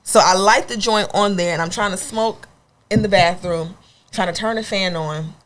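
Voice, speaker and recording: Animated young woman telling a comedic story. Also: moderate pace. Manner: animated, jumps into high squeals when acting out scenes. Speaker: podcast co-host.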